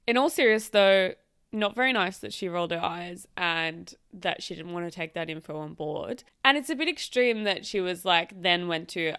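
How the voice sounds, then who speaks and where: A young woman hosts a casual podcast, reading stories aloud and breaking in with sarcastic, chatty remarks. Her voice sits at an ordinary pitch and is close to the mic. The sound is dry, with no room echo. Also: expressive, normal speed, fairly bright tone, clean tone. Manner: chatty, sarcastic asides, swears, laughs easily. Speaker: podcast host.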